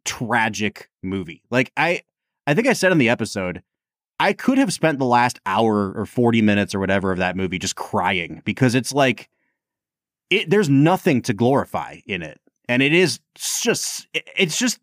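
Man, podcast co-host, lively pitch, casual film chat, dry close sound. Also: moderate pace, dry recording. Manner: animated, lots of fillers. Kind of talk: casual chat about films.

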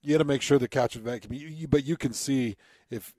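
A man's voice: medium pitch, quick pace, a little mellow, no echo. A man talks in an easy, chatty way on a dry, close mic. He is eager and laughs often as he chats with his co-hosts. His voice sits in an ordinary middle range. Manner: enthusiastic dog lover, chatty, laughs often. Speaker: radio co-host. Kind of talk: casual chat.

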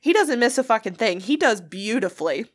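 A woman tells workplace stories in casual chat. Her pitch sits on the higher side and swings widely. She laughs easily and swears freely. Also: expressive, brisk. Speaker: podcast co-host.

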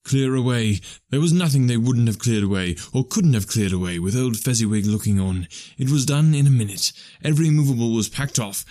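A man's voice: mid-range voice, fairly quick, mellow, no echo, studio quality. Man reading a classic story. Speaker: audiobook narrator. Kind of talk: scripted storybook narration.

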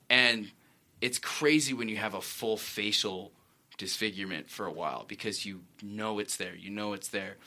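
A man's voice: on the low side, sharp tone. A man, an actor guest, telling stories in a rambling, self-correcting way on a casual talk show. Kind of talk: casual interview chat.

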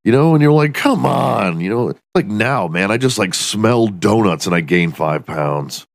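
A man's voice: lowish voice, lively intonation, moderate pace, no echo. A man hosting a podcast alone in his room, delivering a profane, self-mocking comedic rant. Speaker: podcast host.

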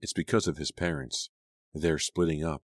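Male reader doing a blunt teen girl friend, low, dry close sound. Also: steady tone, normal speed, no echo. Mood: concerned. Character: concerned teenage girl, frank best friend.

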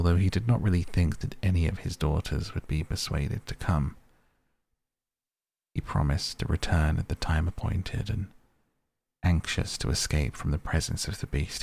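A man narrating a bedtime story as the host of a sleep podcast, in a gentle, measured reading. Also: rumbling low, creaky, slightly rough.

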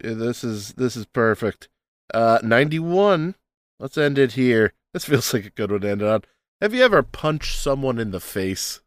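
A man hosting a casual video-chat interview, easygoing and quick to laugh as he reads questions from a list. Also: mid-range voice, sing-song, smooth, dry recording. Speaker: podcast host interviewing strangers. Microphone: computer mic on video call.

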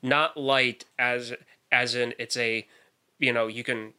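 A man co-hosts a casual podcast chat. His voice is strikingly bright and sharp, and he rambles, starting sentences over and over before landing his point. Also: medium pitch, steady tone, slow, clean tone. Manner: rambling, restarts often. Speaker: podcast co-host.

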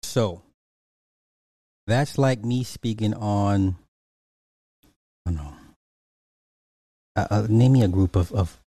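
Guy reacting to a clip, mellow dark voice, keeps repeating himself, dry close sound. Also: lowish voice, slow, pauses often, no room sound. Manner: emphatic, repeats points, many fillers and restarts. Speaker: commentator reacting to clips. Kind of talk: casual reaction commentary.

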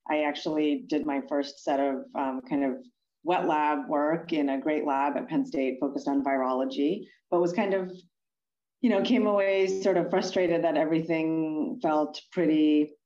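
Female interview guest from Pennsylvania, deep voice, halting answers, dull lo-fi sound. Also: warm tone. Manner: thoughtful, halting, many fillers and restarts.

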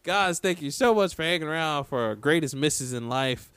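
Laughing, animated male podcast co-host. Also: on the high side, moderate pace, slight background noise. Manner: laughs often, animated slangy banter. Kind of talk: casual podcast banter about games.

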